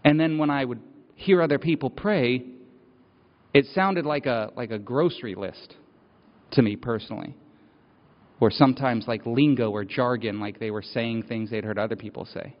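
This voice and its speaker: A man's voice: medium pitch, normal speed. Male preacher, conversational storyteller who builds with repeated phrases; long hall echo, slightly muffled sound. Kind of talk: personal sermon storytelling. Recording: dull, reverberant hall sound.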